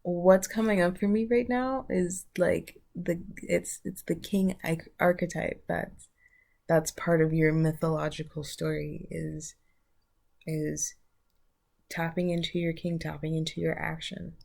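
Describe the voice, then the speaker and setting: A woman's voice: lowish voice, level tone, measured pace, vocal fry, a little mellow. A woman vlogger giving a casual spiritual talk, loose and searching as she thinks aloud.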